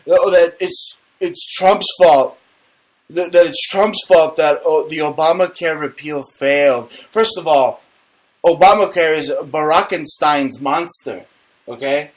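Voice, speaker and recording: A man hosting a comedy talk show, ranting loudly and indignantly with stammered restarts. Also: fairly high pitch, poor audio. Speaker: host.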